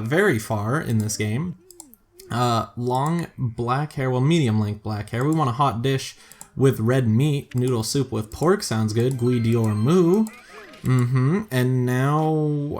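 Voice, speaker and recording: A man hosting a casual let's-play, talking through his moves in a chatty, self-mocking way with excitable bursts. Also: mid-range voice. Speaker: gaming video host.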